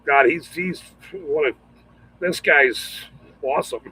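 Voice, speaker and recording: A man giving rambling, profane commentary, shouting and swearing often and laughing a lot as he talks. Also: a little high, slow, long pauses, husky, no echo, low-quality recording.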